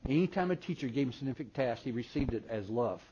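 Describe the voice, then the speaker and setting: Older male seminar speaker, folksy storyteller, loud bursts then soft asides; dull live recording. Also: mid-range voice, lively intonation, fast, slight background noise. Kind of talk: live seminar talk with audience questions.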